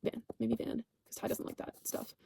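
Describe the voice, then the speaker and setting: A woman's voice: moderate pace, dark tone, no room sound. A woman casually recapping a TV show for her channel, rambling, swearing and saying "like" constantly while she corrects herself.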